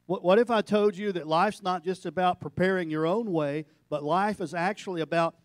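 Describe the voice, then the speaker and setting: Male preacher, slightly high-pitched, dry close recording, sermon storytelling with emphatic peaks. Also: moderate pace, dry recording. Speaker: pastor. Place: church sanctuary.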